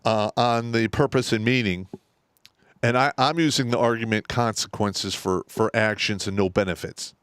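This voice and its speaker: A man's voice: fairly low pitch, normal speed, smooth, no room sound, clean studio sound. A middle-aged man co-hosting a casual podcast, telling stories with lots of swearing. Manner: profane, animated storytelling. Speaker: co-host.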